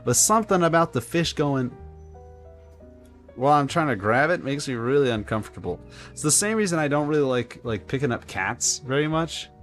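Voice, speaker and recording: A man live-streaming a game, telling a rambling story in an animated, casual way with lots of filler words. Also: medium pitch, normal speed, faint music behind. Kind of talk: live-stream gameplay chat.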